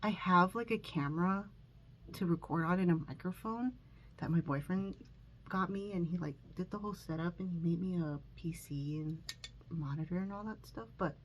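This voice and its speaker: A woman's voice: on the low side, moderate pace, slight background noise, low-quality recording. A woman chatting while doing her makeup at home, recording on her phone. She rambles with lots of fillers, sounds a bit nervous, and is sniffling from allergies. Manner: rambling and self-conscious, with many fillers and restarts. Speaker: makeup vlogger. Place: room at home.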